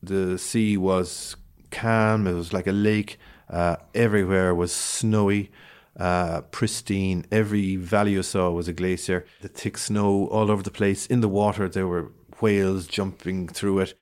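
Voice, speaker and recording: A man with a low voice and a light lilt tells a travel story in relaxed conversation. He talks with lots of fillers, false starts and growing enthusiasm. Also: unhurried, clear, resonant tone. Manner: animated storyteller with many fillers and restarts. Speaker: guest. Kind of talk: casual chat.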